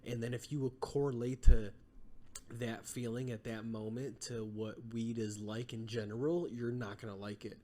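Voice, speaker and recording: A man's voice: mid-range voice, little pitch movement, normal speed, mellow. A man as a podcast guest, telling long rambling stories in casual chat, full of fillers. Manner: rambling storytelling with many fillers.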